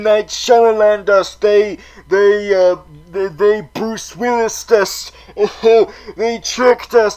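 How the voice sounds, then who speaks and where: A man's voice: sits high, darkish tone, rough recording. A man in villain persona hosting a comedic, melodramatic TV recap rant, swearing often. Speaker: vlog host in villain persona.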